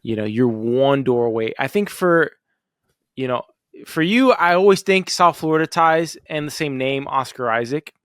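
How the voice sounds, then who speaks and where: A man's voice: medium pitch, animated, moderate pace, clear, resonant tone, no room sound, studio quality. A man from Miami hosting a podcast, chatting casually with his guest and often checking in with "right?". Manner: conversational, tags questions with right. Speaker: podcast host. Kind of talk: casual interview chat.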